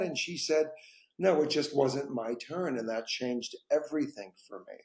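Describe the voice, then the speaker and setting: A man who is an actor, telling stories in a casual conversation, lively and expressive. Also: a little high, moderate pace. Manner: animated storyteller, voice rising and dropping through anecdotes. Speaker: guest actor. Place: home, dog nearby. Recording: echoey room.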